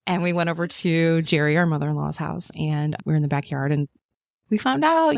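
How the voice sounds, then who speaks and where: Chatty low-voiced woman guest. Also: a little fast, vocal fry, dry recording, studio quality. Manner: chatty, many fillers, animated when quoting people. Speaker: podcast guest telling her birth story. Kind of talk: casual chat.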